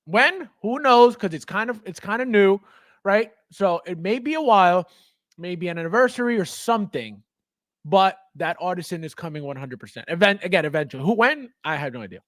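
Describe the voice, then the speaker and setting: A man hosting a casual livestream, reading viewer comments and talking straight to his chat, excitable and quick to laugh. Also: high voice, dry recording, clean studio sound. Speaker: livestream host and toy collector.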